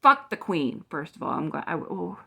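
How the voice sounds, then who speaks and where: A woman's voice: on the low side, big pitch swings, normal speed, vocal fry, pushed and bright, husky. A woman in her forties delivering a heated political rant to camera, blunt and profane. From Canada. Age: 40s. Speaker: vlogger.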